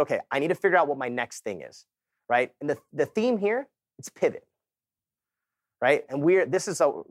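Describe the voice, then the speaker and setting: Energetic man telling his story on stage. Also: on the high side, dry recording, clean studio sound. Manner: energetic, storytelling, addresses audience as guys. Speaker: conference speaker. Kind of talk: motivational keynote talk.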